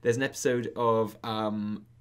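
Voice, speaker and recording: A man's voice: fairly low pitch, little pitch movement, unhurried, clear, resonant tone. A young man from Britain, co-hosting a casual chat, rambling and self-mocking with lots of fillers. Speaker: YouTube co-host.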